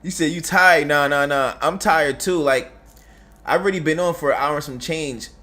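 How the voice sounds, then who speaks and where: A man's voice: on the high side, moderate pace, pushed and bright. A man reacting to clips, laughing almost nonstop and talking in slangy, profane casual speech. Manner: laughs constantly, slangy, swears. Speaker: reaction streamer.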